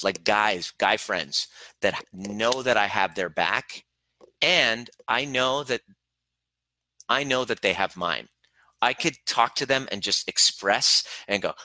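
A man's voice: lowish voice, pushed and bright, no echo. A man coaching his audience in a live-stream talk, intense and preachy, swearing casually as he urges them on. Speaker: relationship coach.

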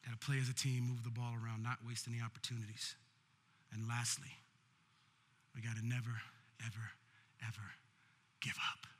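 A man's voice: medium pitch, little pitch movement, moderate pace, breathy edge. A man preaching a sermon as pastor, building in intensity, with call-and-response. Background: faint keyboard music.

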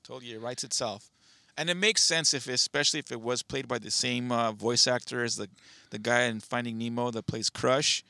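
Male co-host, easygoing and halting in casual chat; bright voice, dry recording. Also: mid-range voice, no room sound. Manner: hesitant, restarts and fillers, laid-back. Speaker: podcast co-host.

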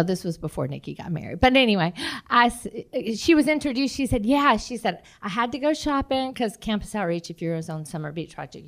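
A woman's voice: medium pitch, gravelly. A woman ministry leader telling a personal testimony to a class, acting out quotes and laughing often. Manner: lively storyteller who acts out quotes and laughs often. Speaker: ministry leader sharing her story.

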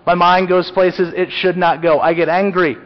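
A man's voice: high voice, level tone, normal speed. Earnest preaching man, muffled sound. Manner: earnest, confessional preaching with rising emphatic peaks. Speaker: pastor. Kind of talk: sermon. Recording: dull lo-fi sound.

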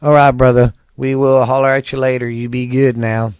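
A man's voice: medium pitch, level tone, normal speed, darkish tone, clear, resonant tone, no echo, clean studio sound. A male podcast host chatting casually and profanely, then reading history aloud with stumbles.

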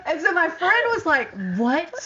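A woman on a podcast telling a story in a casual, animated way, laughing often and acting out what people said. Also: very high voice, moderate pace, background noise. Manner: animated, laughing, frequent "like", acts out quotes. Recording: dull lo-fi sound.

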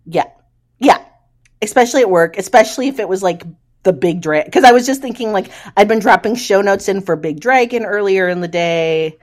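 A middle-aged woman co-hosting a podcast talks a little fast at a medium pitch, telling a funny story from her past in casual chat. She laughs often and animatedly acts out the voices of the people in the story.

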